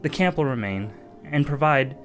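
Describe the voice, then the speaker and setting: A man reading out the lines of a devout, weary bug who keeps a camp, in an earnest, measured way. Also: mid-range voice, lively intonation, fairly bright tone, faint music behind, voice pushed up, lightly acted.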